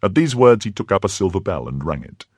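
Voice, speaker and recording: A man reading a classic novel aloud in steady, even narration. His voice is deep and husky, with lively movement in pitch. The recording is close and dry. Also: quick pace, dry recording. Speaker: audiobook reader. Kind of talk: scripted narration.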